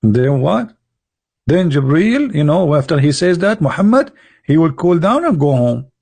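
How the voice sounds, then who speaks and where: A man's voice: fairly high pitch, very animated, unhurried, a little mellow, slightly rough, no echo. A male livestream host talking casually in a mocking, sarcastic and rambling way. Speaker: online debate host.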